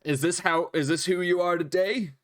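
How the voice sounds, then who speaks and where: A man's voice: sits high, steady tone, moderate pace, voice pushed up, natural voice. A man voicing a polite, weary innkeeper. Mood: dry. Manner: courteous, slightly put-upon.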